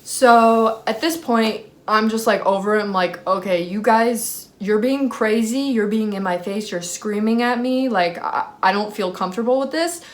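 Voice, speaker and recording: A young woman casually telling a personal story to camera, full of fillers, acting out her own shouting. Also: moderate pace, few pauses. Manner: animated, reenacts screaming at high pitch; many fillers like "like" and "freaking". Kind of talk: casual story time vlog.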